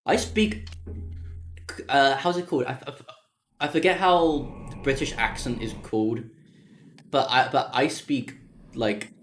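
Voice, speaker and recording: Gravelly man chatting. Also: mid-range voice, fairly even intonation, normal speed, fairly bright tone. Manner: rambling, self-correcting, chatty. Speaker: speedrunner streaming. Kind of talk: casual chat with stream viewers while playing. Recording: roomy echo, faint background noise.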